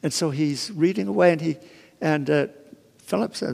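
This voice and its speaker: Guy preaching a casual sermon, slightly high voice, long hall echo, lots of restarts. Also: normal speed, gravelly, a little mellow. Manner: conversational, with frequent restarts and asides. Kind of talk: informal sermon storytelling.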